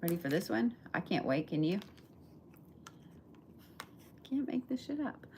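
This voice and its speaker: A woman's voice: mid-range voice, very animated, a little slow, creaky, warm tone, a little hiss or hum. A woman giving a chatty, emphatic live tarot reading to her viewers. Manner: chatty, emphatic, swears casually, talks to viewers. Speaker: tarot reader.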